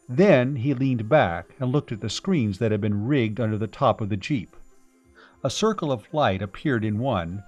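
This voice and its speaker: A man narrates a science fiction audiobook at a mid-range pitch, keeping a steady and even storytelling pace. Faint music plays quietly beneath his voice.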